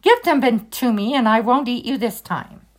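A greedy, boastful storybook tiger, as a woman reading aloud puts him on, bossy and bullying. The voice stays fairly high and lively, with big rises on his threats. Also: normal speed, close to an everyday voice.

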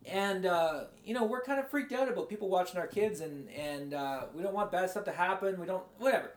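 A man giving a conversational, rambling sermon as a pastor, his voice going a bit hoarse. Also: high voice, a little fast, echoey room. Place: large room, speaking to a congregation far away.

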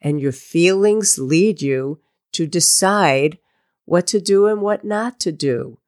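A woman's voice: on the low side, slow, a little mellow. A woman coaching listeners in a solo podcast, giving blunt tough-love advice and acting out their self-talk. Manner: direct, tough-love pep talk with imagined quotes. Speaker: life coach.

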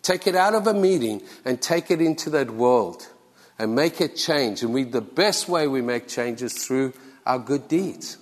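A man's voice: mid-range voice, lively intonation, a little slow, big-room sound. A man preaching a sermon as pastor, earnest and exhorting, repeating key phrases for emphasis. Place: church sanctuary.

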